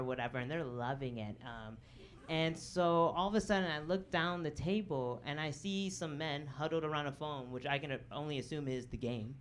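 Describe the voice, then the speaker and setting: A man telling a story in a stand-up comedy set on a club stage, chatty and full of asides, with the audience laughing. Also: on the high side. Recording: live club recording with audience noise.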